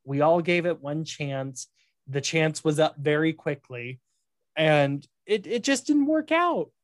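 A podcast co-host in casual chat, opinionated and animated, with many fillers like "you know" and "um". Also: mid-range voice, slow, dry recording.

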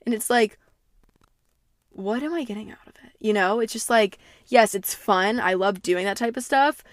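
Speaking at a normal speed in a mid-range voice, this young woman podcast host chats solo in a loose, rambling way, cursing openly and being candid. The studio recording is clean, with no room sound.

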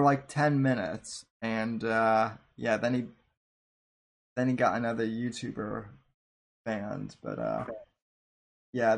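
A man co-hosting a podcast, setting up a clip in a hesitant, halting way. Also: mid-range voice, vocal fry. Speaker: co-host. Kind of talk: casual podcast banter.

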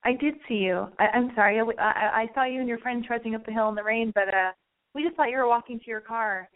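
A woman's voice: fairly high pitch, fast talker, close to an everyday voice. A woman voicing an apologetic young man who stammers through a flustered apology. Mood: sheepish. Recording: tinny phone-like line.

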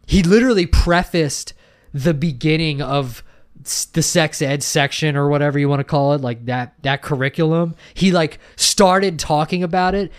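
A man's voice: a little high, moderate pace, clean tone. Rambling, swearing young man. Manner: rambling, swears a lot, many restarts and fillers. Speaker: podcast co-host. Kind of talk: casual chat.

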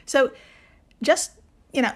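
A woman co-hosting a podcast in casual chat, explaining a story with energy, frequent swearing and laughter. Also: takes it slowly. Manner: energetic, profane, laughs often while explaining. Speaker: podcast co-host.

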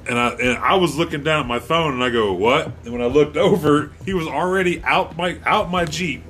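A man's voice: on the high side, brisk, a little hiss or hum. A man casually telling a story with lots of swearing, acting out the voices of the people in it. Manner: profane, animated, acts out quotes.

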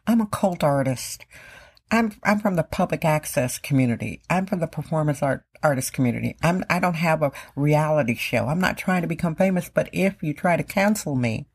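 A woman's voice: low voice, lively intonation, brisk, breathy edge. A middle-aged woman from Wisconsin hosting her own podcast, talking emphatically and repeating phrases for stress. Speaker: podcast host. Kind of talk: casual podcast monologue.

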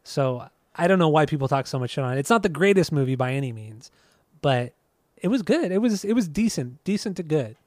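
A man's voice: on the high side, expressive, fairly quick, darkish tone, dry recording, studio quality. A man hosting a podcast, chatting casually with a rambling, hesitant way of talking. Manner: rambling, hesitant, full of restarts. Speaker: podcast host. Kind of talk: casual chat.

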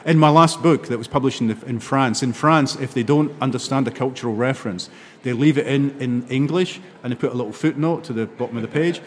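A man's voice: mid-range voice, fast, a little hiss or hum. Scottish older man with a hall echo. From Scotland. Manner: animated, laughing storyteller. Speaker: novelist guest. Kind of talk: interview conversation.

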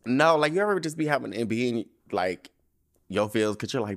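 A man hosts his own podcast as a casual solo monologue, sassy and profane, full of slang and laughter, yet he sounds weary and stressed. His mid-range voice is a bit bright, with lively intonation and an unhurried pace.

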